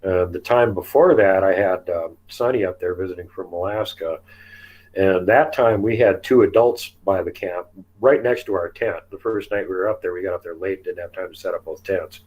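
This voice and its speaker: A man with a somewhat low voice tells his camping stories in a relaxed, chatty way. He laughs easily and slips into acting out what people said. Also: normal speed, poor audio. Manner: chatty, laughs often, acts out quotes. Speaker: guest telling field encounters. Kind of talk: casual storytelling interview.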